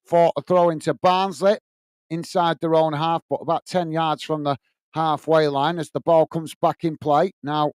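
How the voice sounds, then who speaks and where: A man from England with a high, smooth, clear voice calls a football match for a live fan stream. He reads viewer comments aloud between passages of play and cheers on his side. The sound is close and dry, with no room around it. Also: little pitch movement, moderate pace, darkish tone, no echo. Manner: chatty, reads out viewer comments, partisan for his own team. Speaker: watch-along host and commentator.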